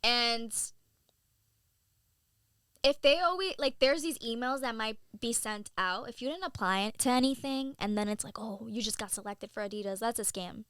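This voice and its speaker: A young woman in her twenties, a model and content creator, telling stories in an animated, casual way with lots of "like"s. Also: on the high side, smooth, no room sound, studio quality. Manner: animated storyteller, many "like"s and quick laughs. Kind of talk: casual interview chat.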